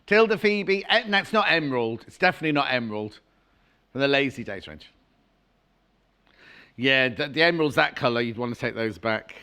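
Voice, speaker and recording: A man's voice: medium pitch, expressive, moderate pace, pauses often, bright, forceful tone, clear, resonant tone. A middle-aged man presenting fabrics on a live home-shopping channel, chatty and gushing with jokey asides.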